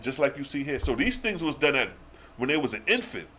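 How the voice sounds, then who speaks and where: A man hosting a live religious stream, reading verses slowly and then breaking into excited slang commentary with rhetorical questions. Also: medium pitch, husky. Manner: challenges the listeners with rhetorical questions. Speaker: religious livestream host. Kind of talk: live scripture teaching.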